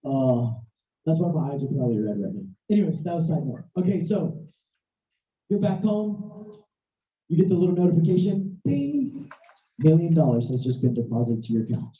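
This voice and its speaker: Hoarse preacher telling an animated story. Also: fairly quick. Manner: animated, acting out dialogue with big pitch jumps. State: hoarse, voice worn out. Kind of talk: storytelling sermon. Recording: roomy, distant, dull sound.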